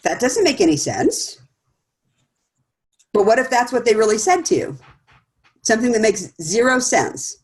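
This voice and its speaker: A woman's voice: a little high, big pitch swings, moderate pace, long pauses. A middle-aged woman presenting a talk in a casual, conversational way, laughing often and acting out quoted remarks. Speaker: speaker series presenter.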